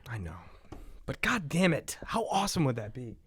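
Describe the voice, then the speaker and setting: A man co-hosting a casual wrestling chat, excitable and swearing freely, often laughing. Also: medium pitch, moderate pace, slightly rough, no echo. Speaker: podcast co-host.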